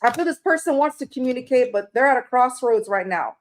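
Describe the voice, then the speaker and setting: A woman with a high-pitched, lively voice speaks fairly quickly while reading tarot on an informal live stream. She rambles chattily, welcomes viewers by name, and laughs off her own slips.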